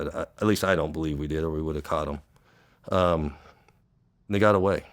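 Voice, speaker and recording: A man who worked undercover, recounting an old case in an interview, halting and repeating words, tearful at times, and acting out the lines of the people in the story. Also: deep voice, clean tone, no room sound, clean studio sound. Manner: halting, repeats words, acts out quoted dialogue. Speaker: interview guest, former undercover officer. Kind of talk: emotional storytelling.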